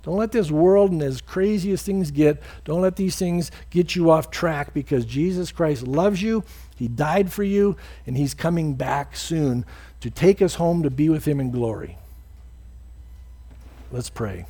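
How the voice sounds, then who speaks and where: A pastor preaches a sermon in church and leads a closing prayer, earnest and unhurried, his voice mellow. When quoting others he acts them out in a higher voice.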